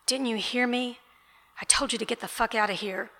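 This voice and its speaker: A woman's voice: fairly high pitch, fairly even intonation, fairly quick, fairly bright tone, lightly acted. A woman reading as a curt, bitter old war veteran. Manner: curt and cursing. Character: gruff bitter male army veteran, homeless. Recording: reverberant event room.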